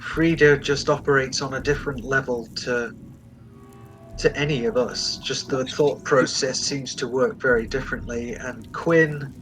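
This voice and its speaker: A man's voice: mid-range voice, steady tone, a little slow, fairly bright tone, soft background music, rough recording. A man playing his character in a tabletop game, talking in a candid, thoughtful way. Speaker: player.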